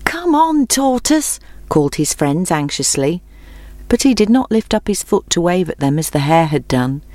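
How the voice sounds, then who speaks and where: A woman's voice: low-pitched, expressive, normal speed, dark tone, dry recording. Woman narrating a storybook, dry and close.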